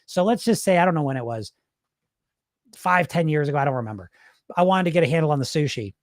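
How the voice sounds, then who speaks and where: A man's voice: fairly high pitch, lively intonation, fast, no echo. Dry, candid middle-aged man, casual swearing. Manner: candid, swears freely, acts out his inner voices. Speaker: weight loss hypnotist, show host. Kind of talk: casual livestream talk.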